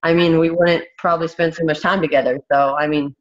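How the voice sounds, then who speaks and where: A woman's voice: sits low, fairly even intonation, a little fast. A woman in her thirties, a fighter as interview guest, talking candidly in a blunt, emphatic way with many restarts. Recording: dull, muffled recording.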